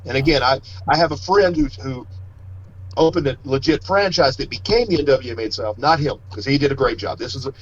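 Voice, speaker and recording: A man's voice: medium pitch, a little fast. A middle-aged man, a wrestler being interviewed, telling stories in a rambling way and often restarting his sentences. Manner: rambling, self-correcting, storytelling. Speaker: wrestler and guest. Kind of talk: casual interview talk. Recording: slightly dull lo-fi audio.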